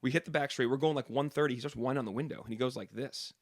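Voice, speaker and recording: Fast-talking man telling a story. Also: mid-range voice, dry recording, studio quality. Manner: fast, animated storytelling with slang. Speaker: podcast co-host and sports reporter. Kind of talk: casual chat, storytelling.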